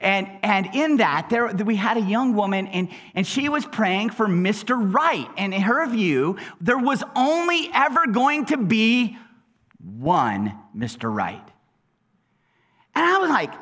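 A male pastor preaches with a high, bright voice that swings widely in pitch. He talks conversationally, often repeating words, and slips into acted-out voices for the prayers he quotes. The delivery stays animated throughout. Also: slow. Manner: conversational, with frequent word repeats. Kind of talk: sermon.

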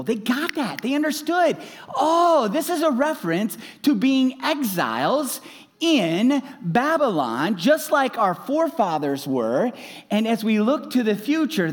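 A man delivers a sermon from the pulpit. His voice sits high and moves through a wide, lively range. He sinks into quiet, low stretches and then bursts into loud, emphatic exclamations. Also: big-room sound. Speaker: pastor.

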